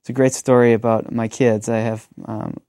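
A man's voice: medium pitch, flat delivery, moderate pace, mellow, no echo, studio quality. A man in his thirties, a pastor and teacher, talking earnestly about ministry and telling stories in a conversational way. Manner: earnest, storytelling, frequent "um".

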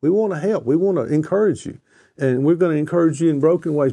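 A man's voice: on the high side, quick pace, dark tone. A man in a conversational discussion, telling earnest stories and repeating phrases for emphasis. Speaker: discussion guest.

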